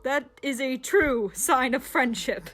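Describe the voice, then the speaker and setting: High-voiced woman in excitable commentary. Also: slow. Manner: excitable, sarcastic and animated. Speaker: video creator. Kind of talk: comedic commentary. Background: faint background music.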